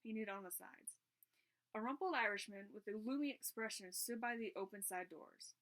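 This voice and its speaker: A woman's voice: medium pitch, moderate pace, a bit bright. Woman reading a mystery book aloud.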